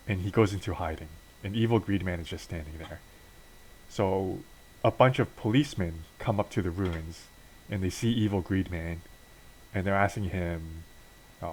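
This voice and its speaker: Casual male game narrator, very low voice, loose and offhand. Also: moderate pace, darkish tone, slight background noise, rough recording. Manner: offhand, filler-heavy retelling. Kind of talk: casual narration of a wrestling sim storyline.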